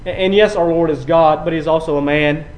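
High-voiced man preaching a sermon. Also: fairly even intonation, quick pace, slight background noise, rough recording. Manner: builds from quiet to emphatic, repeats words. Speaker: pastor.

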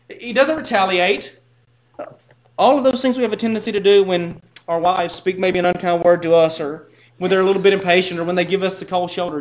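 Male pastor, sermon, high voice, earnest direct questions, slightly dull sound. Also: a little hiss or hum.

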